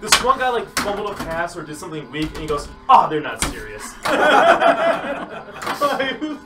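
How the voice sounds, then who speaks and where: A man's voice: sits high, very animated, a little slow, reverberant. A man hosting a casual livestream chat, telling a long story with many fillers and frequent laughs. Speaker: show host. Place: pinball arcade or game room. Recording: distant mic, loud arcade noise.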